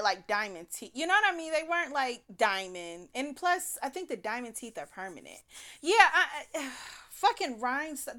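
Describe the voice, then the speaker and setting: A woman telling a story in a casual vlog, swearing freely and sounding exasperated as she relives it. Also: on the high side. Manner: profane, exasperated, animated retelling.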